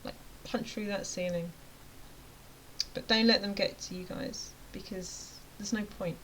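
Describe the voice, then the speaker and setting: A chatty woman delivers a motivational rant straight to her viewers. Her voice is middle-pitched, and she is emphatic one moment and close to a whisper the next. A faint hiss sits under the recording. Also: fairly even intonation, measured pace, fairly bright tone, low-quality recording. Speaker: vlogger and web design coach.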